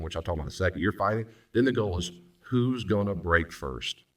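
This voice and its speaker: A man, a pastor and counselor, teaching on marriage and acting out spouses' lines in quick voices. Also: low-pitched, a bit bright, recorded from a distance. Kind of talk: recorded teaching talk on marriage.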